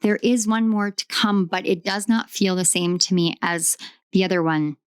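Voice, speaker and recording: A woman's voice: medium pitch, moderate pace, clean tone, no echo, studio quality. A woman doing a tarot card reading, speaking in emphatic, repetitive affirmations. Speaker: tarot reader.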